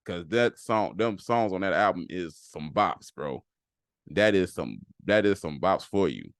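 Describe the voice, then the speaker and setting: A man's voice: deep voice, expressive, a little slow, no room sound, studio quality. A man hosting a casual solo podcast, talking loosely and repeating phrases for emphasis. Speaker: podcast host.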